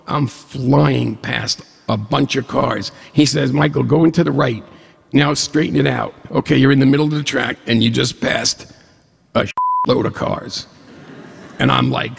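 A man telling a humorous personal story to an audience, animated, jumping up in pitch when he quotes dialogue. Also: unhurried, creaky, breathy edge. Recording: long hall reverb.

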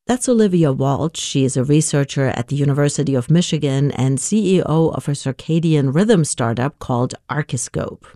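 A woman's voice: deep voice, expressive, moderate pace, hardly any pauses, warm tone, no echo, studio quality. A woman from Germany hosting a podcast, narrating a script and asking curious, conversational questions. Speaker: podcast host.

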